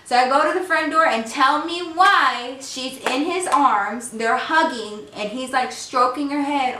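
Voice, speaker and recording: A woman's voice: high voice, unhurried, distant mic, slight background noise. A young woman telling a story to her camera in a casual, slangy way, acting out what people said. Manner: animated, slangy storyteller who acts out quotes. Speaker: vlogger. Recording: echoey room, voice a bit off mic.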